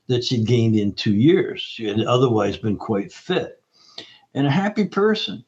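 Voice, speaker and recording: Male guest, animated storyteller, mid pitch, slightly muffled recording. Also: moderate pace, husky. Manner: lively anecdotal storyteller. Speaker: guest nutritionist. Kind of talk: storytelling interview talk. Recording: slightly dull lo-fi audio.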